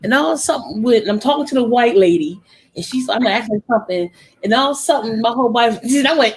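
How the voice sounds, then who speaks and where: A woman on a casual talk show telling an animated, profane story full of acted-out quotes. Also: a little high, fast. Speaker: guest storyteller. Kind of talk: casual chat.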